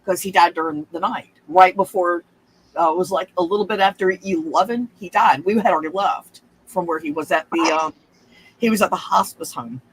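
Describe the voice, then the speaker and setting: A woman's voice: fairly low pitch, fairly quick, husky. A woman, telling a long personal story in a casual, rambling way, with swearing and frequent asides.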